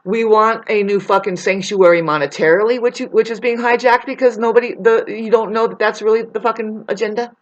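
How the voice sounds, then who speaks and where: A man's voice: high-pitched, fairly even intonation, a little fast, hardly any pauses, muffled recording. A man ranting on his vlog, rambling and swearing heavily, jumping from topic to topic with many restarts. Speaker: vlogger. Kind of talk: rambling profane vlog rant.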